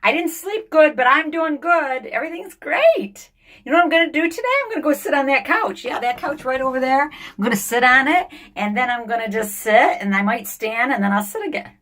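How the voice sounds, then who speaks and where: A woman's voice: high-pitched, expressive, brisk, voice pushed up. Woman putting on a chirpy fake-happy vlog host. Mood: forced cheer. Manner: bubbly, sing-song, forced brightness. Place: sauna.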